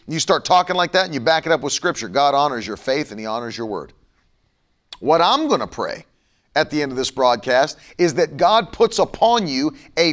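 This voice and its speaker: A man's voice: on the high side, fairly bright tone. A middle-aged man preaching a broadcast sermon and leading a prayer, emphatic and fervent, now and then mocking his critics.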